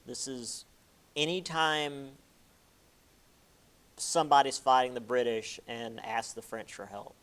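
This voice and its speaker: A man's voice: medium pitch, fairly even intonation, slow pace, long pauses, fairly bright tone, clear, resonant tone. Chatty man giving a lecture. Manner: chatty, with lots of fillers and mock-quoted asides. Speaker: history lecturer. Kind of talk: casual classroom lecture.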